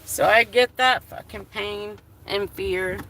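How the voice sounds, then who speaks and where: A woman's voice: mid-range voice, fairly even intonation, takes it slowly, fairly bright tone, slight background noise. A woman chatting candidly on a livestream, emotional and swearing freely. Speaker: live streamer. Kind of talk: casual livestream chat.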